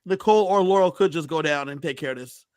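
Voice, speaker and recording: Man, podcast co-host, casual chat, short interjections, slightly high voice. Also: a little mellow, clear, resonant tone. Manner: brief agreeing interjections and quick follow-up questions.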